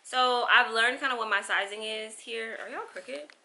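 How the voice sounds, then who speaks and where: A young woman vlogger chatting excitedly to her viewers while she unboxes packages at home. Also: a little high, normal speed, a little hiss or hum. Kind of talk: casual unboxing vlog.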